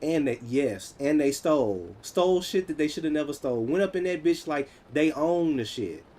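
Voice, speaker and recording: An American man in his thirties, chatting casually on a livestream, answering viewers in an animated, teasing way. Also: fairly high pitch, moderate pace. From United States. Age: 30s. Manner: animated, teasing, laughs often.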